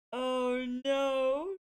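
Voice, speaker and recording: A woman live-streaming, chatting casually to her viewers with excitable exclamations and frequent giggles. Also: sits high, clear, resonant tone.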